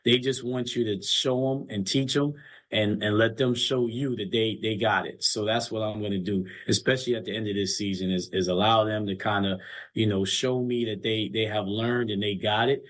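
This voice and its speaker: A man's voice: on the low side, fairly even intonation, moderate pace. A man coaching college basketball, chatting casually and telling earnest stories, often repeating his words. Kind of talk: casual chat.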